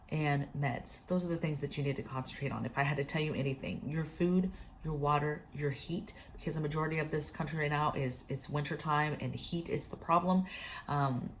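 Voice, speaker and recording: A woman with a deep, steady voice talks at a moderate pace, with a faint hiss or hum in the audio. As a prepping vlogger she chats casually, telling a story, giving advice and often addressing her viewers directly.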